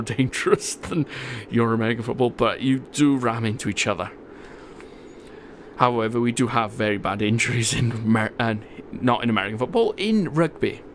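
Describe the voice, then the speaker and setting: A man's voice: medium pitch, a little hiss or hum. A man giving casual, chatty gameplay commentary, laughing often as he reads viewer comments. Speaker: gaming channel host.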